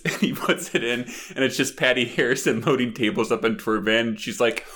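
A man's voice: medium pitch, a little fast, hardly any pauses, fairly bright tone, breathy edge. A man co-hosting a casual chat, telling stories animatedly and acting out quotes in silly voices. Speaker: podcast co-host.

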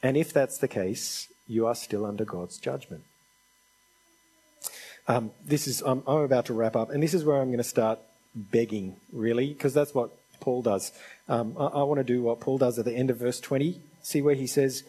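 A man's voice: mid-range voice, lively intonation, a little fast, mellow, slightly rough, rough recording. A man preaching a sermon in an earnest, conversational and pleading manner.

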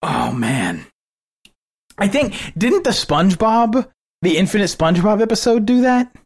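Excitable laughing podcast co-host. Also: male voice, sits high, a little slow, breathy edge. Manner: excitable, laughs a lot, swears casually. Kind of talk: casual chat.

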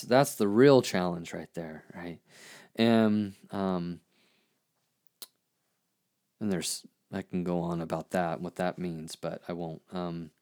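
A man hosting a podcast, reflecting earnestly on his own poem in a halting way, with many restarts and fillers. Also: fairly low pitch, darkish tone. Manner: earnest and searching. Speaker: podcast host and therapist.

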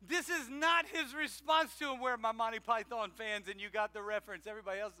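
A man with a very high, piercingly bright voice delivers an animated church sermon. He calls out to the congregation for responses. The sound is close and dry. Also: fairly quick, hardly any pauses, clean tone, no room sound. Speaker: pastor. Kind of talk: energetic sermon with announcements. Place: church sanctuary.

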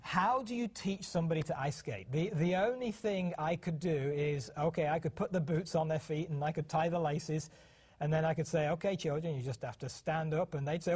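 Husky-voiced British man, chatty. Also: on the high side, moderate pace, darkish tone. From United Kingdom. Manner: chatty, hesitant restarts, acts out quoted voices. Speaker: co-host, parenting program. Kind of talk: casual television talk.

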